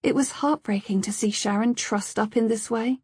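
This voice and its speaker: Husky-voiced woman narrating a thriller. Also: fairly high pitch, dry recording. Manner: steady, measured storytelling. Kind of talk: scripted crime-thriller narration.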